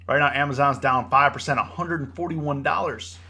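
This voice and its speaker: A man's voice: medium pitch, brisk, slightly rough. A young man hosting a live trading stream, talking casually and getting worked up as he lectures, repeating himself a lot. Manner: animated, preachy, repeats himself, says "bro" and "you know". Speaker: livestream trading host. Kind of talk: casual livestream commentary.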